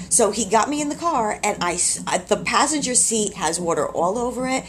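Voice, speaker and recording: A woman in labor in a hospital room tells her story in casual, animated, exclamatory speech with frequent laughs, recorded on a handheld camcorder's built-in mic. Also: a little high, a little fast, hardly any pauses, slight background noise. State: having contractions.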